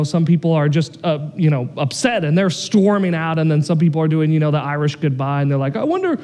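High-pitched pastor guy preaching, animated, loud then hushed, lots of hall echo. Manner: animated, swings from loud excitement to quiet intensity. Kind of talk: sermon.

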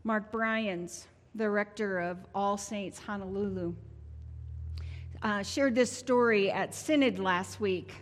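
In a church sanctuary with lengthy hall reverb, a woman in her sixties gives a sincere, conversational testimony sermon as a prayer minister. She speaks slowly at a medium pitch.

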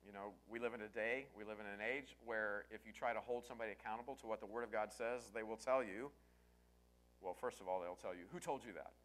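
A man preaching as a pastor, telling a story with lively swings from quiet asides to yelling. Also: on the low side, fast. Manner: storytelling, animated, breaks into yelling and laughter. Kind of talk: sermon.

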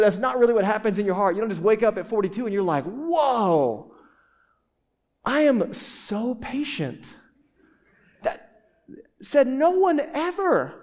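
A man's voice: high voice, darkish tone. Casual, conversational male pastor preaching. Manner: casual, conversational preaching with frequent restarts and asides. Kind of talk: sermon.

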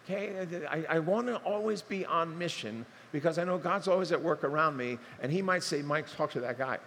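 Older male pastor, high-ish voice, chatty and humorous storyteller, preaching in an echoing hall. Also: a little fast, a little hiss or hum. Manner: animated, conversational, acts out dialogue with humor. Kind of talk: sermon storytelling. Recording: long hall reverb, faint ambience.

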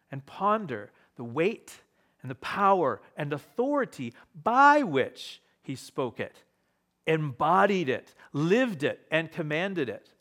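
A man preaching a sermon as pastor to a live congregation in church, emphatic, repeating key phrases and shifting pace and loudness. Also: on the high side.

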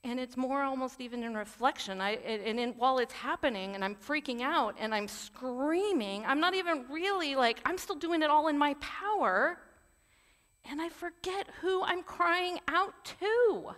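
A woman's voice: high voice, lively intonation, normal speed, fairly bright tone. A woman giving a sermon in an earnest, conversational way, with candid personal asides. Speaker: preacher. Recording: long hall reverb.

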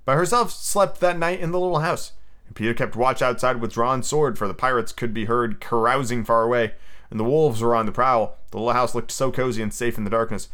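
A man's voice: mid-range voice, a little fast, fairly bright tone. A man hosting a podcast, reading a book aloud and breaking off for irreverent, profane asides. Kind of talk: casual podcast reading and commentary.

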